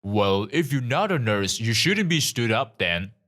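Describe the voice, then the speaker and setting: A man voicing an aggressive man who shouts and swears at a stranger. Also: mid-range voice, big pitch swings, a little slow. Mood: angry. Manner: shouting insults.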